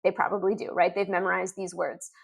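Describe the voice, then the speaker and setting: A woman explaining reading lessons in an upbeat instructional video, sounding out letters and words slowly. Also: lowish voice, little pitch movement, gravelly. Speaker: literacy teacher.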